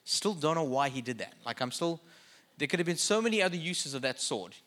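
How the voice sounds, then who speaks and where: A man's voice: a little high, lively intonation, fairly quick, fairly bright tone, a little hiss or hum. A young adult man preaching a sermon in a humorous, conversational, self-deprecating way. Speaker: pastor.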